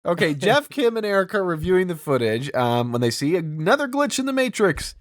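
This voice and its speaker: A podcast co-host gives a loose, profanity-laced recap of a film's plot in a casual chat about movies. His high voice is sing-song and brisk, set against a loud crowd.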